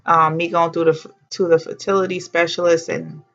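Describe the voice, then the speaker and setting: A woman's voice: on the low side, level tone, fairly quick, a bit bright, muffled recording. A woman vlogger telling a personal story in a chatty, heartfelt way, with exclamations and slang.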